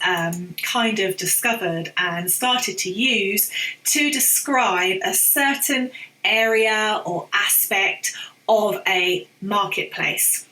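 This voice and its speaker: Woman chatting to camera, bright voice, slow and easy, opinionated with little asides. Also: medium pitch. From England. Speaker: online English teacher and business coach. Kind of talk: casual talk to camera. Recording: roomy echo.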